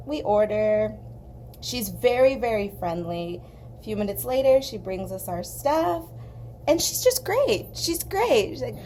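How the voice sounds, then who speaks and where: A young woman from southern California, hosting an art channel, telling a long story in a chatty, animated way while she colors. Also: a little high, measured pace, a little hiss or hum. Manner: chatty, animated, acts out quoted voices.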